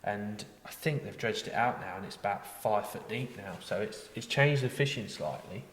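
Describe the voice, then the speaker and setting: Low-ish guy chatting on a podcast, rambles on with lots of ums, roomy echo. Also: moderate pace, a little hiss or hum. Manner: rambling storyteller, many fillers and restarts. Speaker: podcast co-host, tackle shop worker. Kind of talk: casual chat. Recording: echoey room with long reverb.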